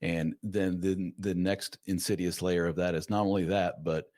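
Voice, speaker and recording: A man on a podcast explaining his views in a reflective, measured way. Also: low voice, little pitch movement, darkish tone, dry recording, clean studio sound. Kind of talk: casual podcast conversation.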